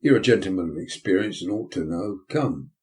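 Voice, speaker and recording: A man's voice: deep voice, expressive, fairly quick, darkish tone, slightly rough, heavily acted. A man voicing a prim middle-aged woman who runs a workhouse, coy and simpering.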